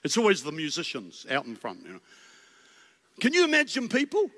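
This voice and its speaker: A man preaching as a guest, animated and full of rhetorical questions and stammered restarts, in a church. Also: high voice, a little fast. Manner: animated, storytelling with acted voices. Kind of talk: sermon. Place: church sanctuary. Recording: long reverb in a large hall.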